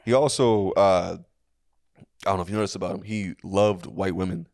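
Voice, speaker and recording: A man's voice: deep voice, steady tone, moderate pace, darkish tone, dry recording, studio quality. A young adult man co-hosting a comedic history podcast, telling the story loosely with restarts and jokey put-on quotes. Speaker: podcast co-host. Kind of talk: casual comedic history chat.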